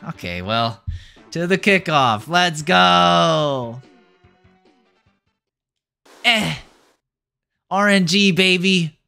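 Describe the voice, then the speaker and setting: A young man giving excitable live commentary as a streamer, yelping and groaning at the game. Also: high-pitched, very slow, gravelly, pauses often, smooth, soft background music. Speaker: VTuber streamer.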